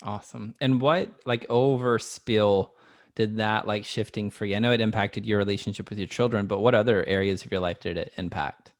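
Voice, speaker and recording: A man's voice: on the low side, fairly even intonation, a little fast. A male podcast host asking his guest questions in a curious, casual way. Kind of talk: interview questions.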